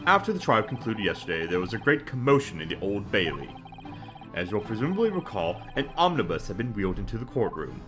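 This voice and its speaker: Brief: man voicing a stern, imposing British chief justice, attempted accent, expressive delivery. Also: fairly low pitch, over music. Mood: grave. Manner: formal, measured, commanding.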